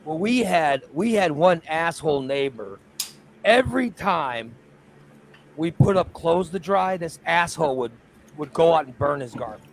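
A man's voice: a little high, expressive, a little slow, creaky, slight background noise, poor audio. A man on a morning talk show telling a long, rambling story in casual, crude language. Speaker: radio show co-host. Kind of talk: casual chat.

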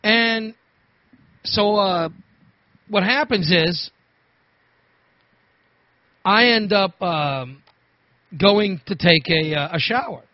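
A man's voice: sits high, very slow, long pauses, no echo. A man telling a rambling, repetitive story in casual chat, laughing often. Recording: dull lo-fi recording.

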